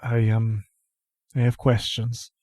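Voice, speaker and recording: A man's voice: medium pitch, monotone, a little mellow, dry recording, studio quality. A man voicing a disheveled, flustered woman mayor who halts and apologizes, with a bitter edge. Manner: halting, apologetic, full of hesitations.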